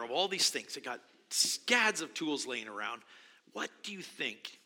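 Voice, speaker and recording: A man's voice: mid-range voice, pushed and bright. A male pastor preaching a sermon in a church, musing and conversational with frequent restarts. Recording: long hall reverb.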